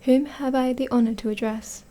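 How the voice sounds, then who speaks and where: A woman's voice: high voice, moderate pace, lightly acted. A woman whispering as a dry, confident detective, whispered role-play. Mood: brisk. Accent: Australian. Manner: soft and even, close to her own voice.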